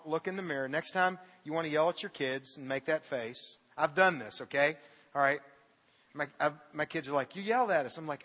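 A man's voice: a little high, pushed and bright. A middle-aged male pastor preaching in a church, telling the story with jokes and reading scripture with big dramatic emphasis. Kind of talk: sermon. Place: church sanctuary. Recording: dull reverberant hall sound.

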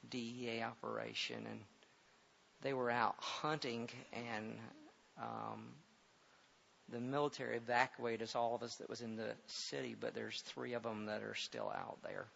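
A middle-aged pastor telling a personal story in a sermon, halting and repeating words, then growing loud and emphatic as he preaches. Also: mid-range voice, vocal fry. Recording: dull lo-fi recording with faint hiss.

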